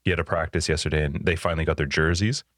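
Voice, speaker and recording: A man in his thirties with a very deep voice chats in an upbeat, rambling way on a podcast, recorded close and dry on a studio headset. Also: fairly even intonation, rapid-fire, a bit bright, dry recording. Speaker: podcast co-host. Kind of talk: casual chat.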